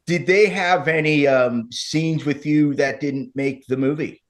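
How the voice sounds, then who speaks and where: A man's voice: a little high, a little slow. A middle-aged man, an actor guest, chatting casually and rambling with many restarts. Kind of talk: casual interview chat.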